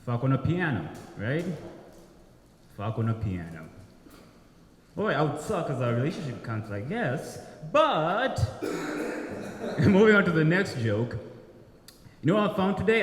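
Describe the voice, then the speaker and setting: A man does an open-mic stand-up set, chatty and quick to check in with the audience, laughing at his own lines. His voice swoops up and down. The bar around him is roomy, with a long echo and a faint hum of noise. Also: mid-range voice, very animated. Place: brewery bar with live audience.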